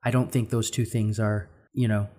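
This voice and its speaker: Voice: medium pitch, flat delivery, moderate pace, darkish tone. A podcast co-host in casual chat, rambling and searching for words as they talk.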